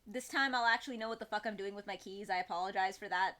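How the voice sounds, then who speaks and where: A young woman streaming live, chatting in a rambling, expressive way to her viewers. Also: mid-range voice, fast. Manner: chatty, rambling and expressive, with laughs and quoted voices. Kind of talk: casual live-stream chat.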